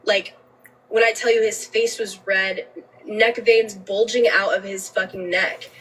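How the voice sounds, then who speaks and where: A woman's voice: mid-range voice, steady tone, measured pace, a bit bright, slightly rough, recorded from a distance, poor audio. A woman telling a personal story on a livestream, emotional and candid, swearing freely and often restarting her sentences.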